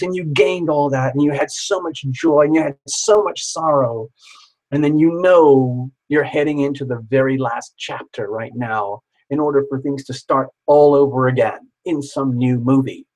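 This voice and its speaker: A man hosting a live tarot reading stream, talking in a chatty, excitable way and joking with his viewers. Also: fairly high pitch, rough recording. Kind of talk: casual live-stream chat.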